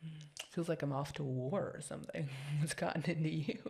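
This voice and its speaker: A woman's voice: low voice, fairly even intonation, moderate pace, vocal fry, warm tone, husky, full character voice. A young woman voicing an apologetic, chatty girlfriend in an ASMR girlfriend role-play, rambling and giggly. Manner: rambling, giggly and self-deprecating. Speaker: voice actress.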